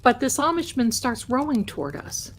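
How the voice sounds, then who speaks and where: A woman's voice: high-pitched, very animated, normal speed, a little hiss or hum. A woman hosting a live trivia stream, chatting with viewers and telling a folksy story from her childhood. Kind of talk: casual chat, storytelling to viewers.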